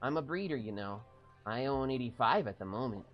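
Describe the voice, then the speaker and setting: A man's voice: mid-range voice, lively intonation, a little fast, dull audio, faint music behind, close to an everyday voice. A man voicing a snappy, boastful cat breeder in a game, speaking with an indignant edge.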